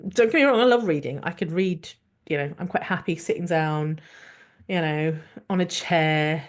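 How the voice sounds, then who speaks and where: A woman doctor hosting a podcast, speaking in a candid, reflective monologue, frank and expressive and thinking aloud with many restarts. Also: low-pitched, normal speed. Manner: frank and expressive, with laughs and the odd swear.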